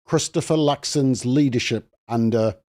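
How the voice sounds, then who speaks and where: A man's voice: mid-range voice, unhurried, warm tone. A man hosting a panel show, chatty and self-mocking, with lots of fillers. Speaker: host.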